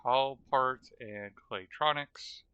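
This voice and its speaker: A man's voice: mid-range voice, slow, sharp tone, clean tone, dry recording, lo-fi sound. A man streaming a game live, chatting casually and thinking aloud as he plays. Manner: thinks aloud while playing, chatty asides. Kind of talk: casual live-stream chat while playing.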